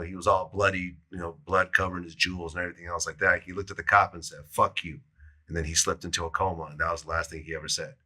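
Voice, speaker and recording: A man with a low voice and a hard, sharp edge hosts the interview, retelling an account in a plain, steady way with a few fillers. His tone is tense and cutting despite the depth. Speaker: interview host. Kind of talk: conversational interview.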